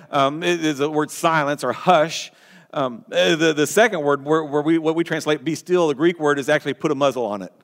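A man's voice: on the high side, fairly bright tone. A man preaching a sermon as pastor, earnest and emphatic, often restarting words and phrases. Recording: long hall reverb.

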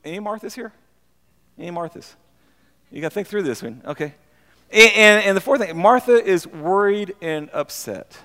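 A man preaching a conversational sermon as pastor, animated and given to repeating phrases for emphasis. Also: high voice, moderate pace, long reverb tail.

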